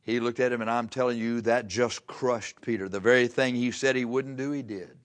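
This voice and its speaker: A man's voice: mid-range voice, steady tone, normal speed. A man preaching, telling a Bible story in a folksy way and acting out the voices. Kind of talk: sermon.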